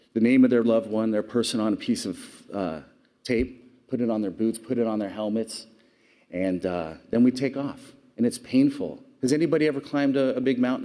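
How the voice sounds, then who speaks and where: A man's voice: on the low side, dark tone. A man giving an earnest public speech, telling stories and asking the audience questions. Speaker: award speaker.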